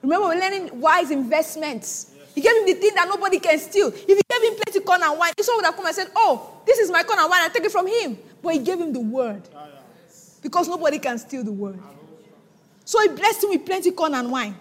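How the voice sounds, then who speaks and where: High, lively woman preaching in a hall. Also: fairly quick. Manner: animated, laughs often, dramatic retelling. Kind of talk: sermon, Bible teaching.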